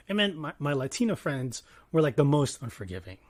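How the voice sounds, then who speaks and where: A man in his thirties giving a casual commentary monologue, animated, swinging between loud bursts and quiet asides and swearing freely. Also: a little high, fairly quick, no room sound, clean studio sound. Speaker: commentary vlogger.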